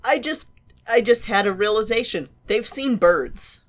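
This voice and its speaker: A woman co-hosting a comedy podcast, speaking slowly and drily into a close mic. Her pitch moves quite a lot despite the unhurried pace. Faint noise sits under her voice. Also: animated. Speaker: podcast co-host. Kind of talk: casual comedic chat.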